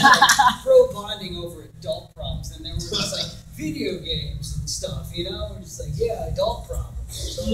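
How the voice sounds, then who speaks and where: A young man telling stories on a convention panel, acting out quotes and laughing often. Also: sits high. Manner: animated storyteller, acts out quotes, laughs often. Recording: roomy far-off hall recording with noise.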